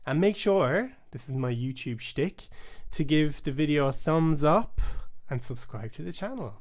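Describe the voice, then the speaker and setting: A man's voice: medium pitch, a little mellow. Upbeat man teaching rhythm on a live stream. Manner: upbeat, chatty, chants rhythm syllables aloud. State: voice starting to rasp. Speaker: bodhrán teacher and channel host. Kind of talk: live-streamed music lesson.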